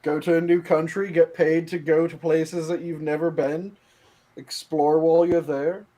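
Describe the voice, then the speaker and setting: A man co-hosting a casual podcast chat who mostly listens and drops short, dry quips. His voice sits a bit higher than most men's. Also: little pitch movement, moderate pace, mellow. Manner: brief dry remarks and listening murmurs. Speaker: podcast co-host.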